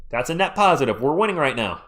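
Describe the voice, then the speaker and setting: A man, hoarse and losing his voice, doing fan play-by-play on a live stream and ranting about referee calls. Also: mid-range voice, sing-song, fast, a bit bright.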